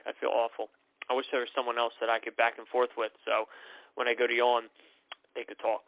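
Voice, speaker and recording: A tired man hosting a solo podcast, rambling and opinionated, with lots of ums and restarts. His mid-pitched voice comes through a thin, phone-like line. The room sounds dry and close. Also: completely flat delivery, brisk, dry recording. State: tired and yawning. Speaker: podcast host. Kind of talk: solo wrestling podcast recap.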